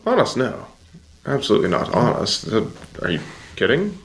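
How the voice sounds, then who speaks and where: Pria pemain yang bicaranya berputar-putar. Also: male voice, lowish voice, huge pitch swings, normal speed, gravelly, a little hiss or hum. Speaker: player. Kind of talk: casual tabletop role-play.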